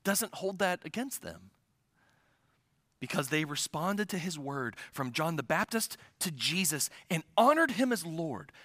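A man's voice: a little high, sing-song, unhurried, fairly bright tone, dry recording. A man preaching a sermon as pastor to a congregation, earnest and emphatic, often restarting his phrases.

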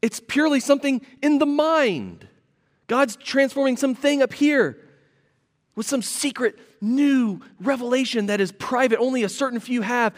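Man, pastor, sermon, earnest emphatic teaching, high voice, long hall reverb. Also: moderate pace.

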